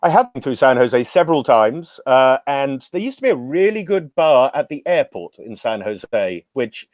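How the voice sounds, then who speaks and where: A man's voice: medium pitch, very animated, moderate pace, a little mellow, dry recording. Dry-voiced man telling wry anecdotes. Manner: expansive, anecdotal, wry humor. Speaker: podcast guest, drinks educator. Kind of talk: casual storytelling interview.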